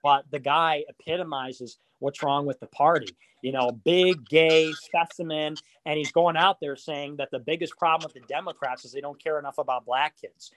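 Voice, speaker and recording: A man's voice: on the high side, steady tone, normal speed, few pauses, fairly bright tone. A man hosting a casual podcast chat, rambling and profane, with frequent fillers and mocking asides.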